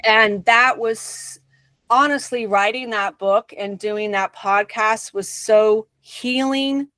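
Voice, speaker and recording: A woman guest in an interview, earnestly telling a personal spiritual story with emphatic pauses. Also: fairly high pitch, a bit bright, no echo.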